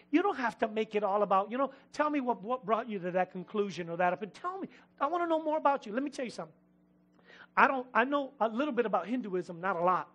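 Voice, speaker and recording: Male pastor, middle-aged, very high bright voice, lively joking sermon delivery in church. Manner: lively, joking preacher with quick asides.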